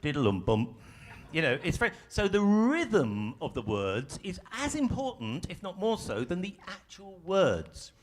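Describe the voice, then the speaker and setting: A man's voice: sits high, huge pitch swings, a little slow, few pauses, a little hiss or hum. A man leading a live workshop for an audience in a ballroom, in a conversational way with self-deprecating humor. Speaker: workshop facilitator. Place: large ballroom stage.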